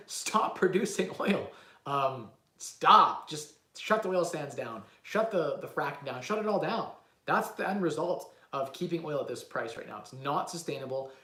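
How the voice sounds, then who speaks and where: A man's voice: on the high side, echoey room. A man, rambling animatedly through a casual live-stream Q&A as a real estate investing host. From Canada. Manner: rambling, animated, lots of "like" and "right?".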